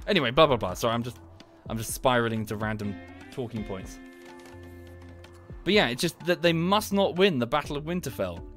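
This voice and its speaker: Male streamer, mid-pitched voice, rambling casual rant, spikes into exasperated yelps, faint music underneath. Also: expressive, fairly quick, fairly bright tone. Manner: rambling, heated rant with sudden high outbursts. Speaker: gaming streamer.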